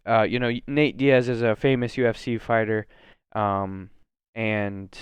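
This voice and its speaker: A man's voice: lowish voice, steady tone, unhurried, clear, resonant tone, dry recording. A man from Oregon talking casually on his solo podcast, rambling with lots of fillers, restarts and self-corrections. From Oregon, USA. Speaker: podcast host.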